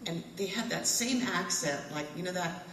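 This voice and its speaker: A woman in her fifties tells a funny story live to an audience, animated and quick to laugh. Her voice is low but swings widely in pitch. She is picked up from far off in an echoey hall. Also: a little hiss or hum. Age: 50s. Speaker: alumni storyteller. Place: fellowship hall.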